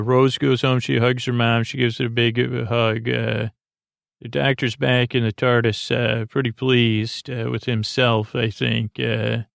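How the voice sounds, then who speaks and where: A man retelling a story slowly for listeners drifting off to sleep, pausing and restarting often. His voice is gravelly and stays flat in pitch. The recording is dry and close, with no room sound. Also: dry recording. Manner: halting, many uh fillers, low-key. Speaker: podcast host. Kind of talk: sleepy episode recap.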